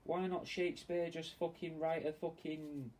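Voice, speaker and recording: A man's voice: a little high, little pitch movement, normal speed, darkish tone. Sweary man rambling at a distance. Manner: sweary, meandering, chatty. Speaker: taxidermist streaming to fans. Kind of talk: casual rambling chat while working. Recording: distant mic with faint ambient noise.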